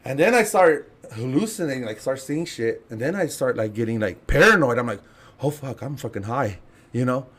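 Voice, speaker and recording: A man telling a story as a podcast guest, casual and animated, laughing and acting out other people's lines. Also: medium pitch, brisk, hardly any pauses. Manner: animated, laughing, acts out quotes.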